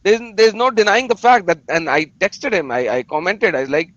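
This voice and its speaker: High-pitched emphatic man calling in. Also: very animated, fairly bright tone, dry recording. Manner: emphatic, recites scripture quickly. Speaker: guest caller. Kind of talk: casual livestream chat. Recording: dry, dull lo-fi call audio.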